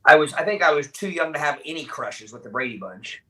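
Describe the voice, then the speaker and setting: A man hosting a casual live podcast, talking in a rambling, halting way with many restarts. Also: a little high, expressive, pushed and bright, poor audio. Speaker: podcast host.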